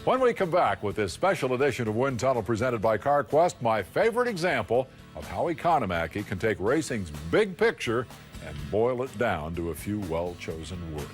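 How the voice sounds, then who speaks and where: A male talk show host asking measured questions in a studio interview. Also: medium pitch, big pitch swings, faint music behind.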